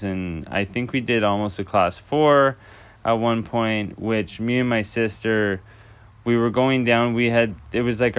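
A man's voice: on the low side, clear, resonant tone. A man hosting a casual solo podcast from an empty house, rambling loosely with lots of filler words. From Canada. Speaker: podcast host.

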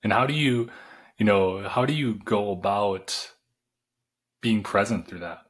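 Deep-voiced man asking a podcast question. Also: measured pace. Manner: searching, loose, with many fillers. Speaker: podcast host. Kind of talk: interview question.

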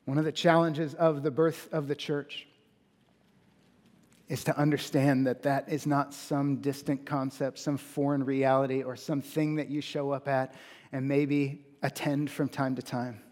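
A man preaching a sermon in earnest. He builds to emphatic peaks and slows down on key phrases. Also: medium pitch, flat delivery, a little mellow, long reverb tail. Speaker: pastor.

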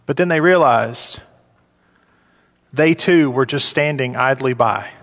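A man preaching a sermon, his voice climbing high and loud when he acts out complaining workers. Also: slow, big-room sound. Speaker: pastor.

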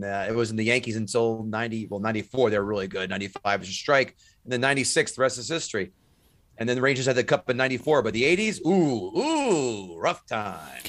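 A man's voice: fairly low pitch, a bit bright, no room sound. A man hosting a podcast, from New York, trash-talking sports in casual banter with teasing repetition and swearing. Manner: teasing trash talk, profanity, emphatic repetition. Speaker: podcast host.

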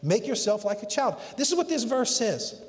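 A middle-aged man preaching a sermon as pastor, acting out quotes dramatically and swinging between loud emphatic peaks and quiet low lines. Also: sing-song, normal speed. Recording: long hall reverb.

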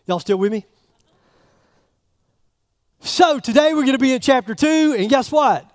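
A man with a strikingly high voice preaches to his congregation, chatty and teasing, asking them questions as he goes. The sound is close and dry, with little room around it. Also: expressive, a little slow, a little mellow, no echo. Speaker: pastor. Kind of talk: sermon. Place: church.

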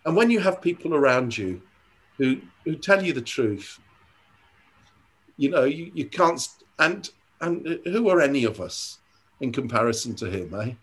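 An older man speaks in an ordinary, mid-pitched voice, earnest and reflective. He is a church leader chatting in an interview. He often hesitates and restarts his sentences as he thinks. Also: big pitch swings, moderate pace, a bit bright, husky. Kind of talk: conversational interview storytelling.

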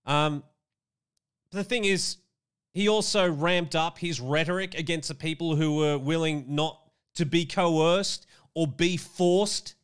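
A man giving indignant, animated commentary on political video clips, full of chatty asides. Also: on the high side, slow pace, smooth. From Australia.

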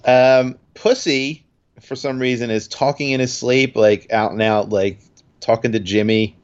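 A man's voice: mid-range voice, steady tone, a little slow, clear, resonant tone, muffled recording. A man casually recapping a TV episode in a podcast chat, rambling with fillers and acting out quotes.

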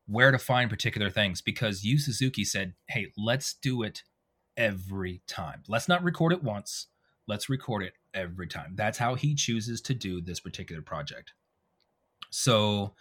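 A man with a fairly low voice talks about his recording sessions in a relaxed, storytelling way. He is animated, dropping into quick snatches of acted-out dialogue as he goes. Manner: animated, acts out quoted dialogue. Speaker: voice actor guest. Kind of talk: casual interview storytelling.

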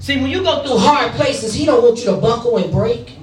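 A woman's voice: a little high, lively intonation, a little fast, a little mellow, echoey room, far from the mic. A woman preaching a sermon in short, punchy call-and-response bursts, playful and acting out little asides. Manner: playful, acts out asides and quotes.

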